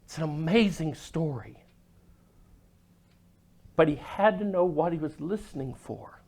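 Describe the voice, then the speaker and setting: A man preaching a sermon, telling the story dramatically and dropping to a hush at moments. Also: fairly high pitch, lively intonation, unhurried, vocal fry. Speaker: pastor.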